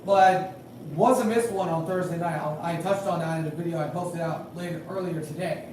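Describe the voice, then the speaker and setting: A man calling a game live in casual play-by-play, rambling and hedging with fillers, growing excited on big plays. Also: fairly high pitch, moderate pace. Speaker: amateur game commentator and high school official. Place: at home at night. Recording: very echoey room, distant mic, faint noise.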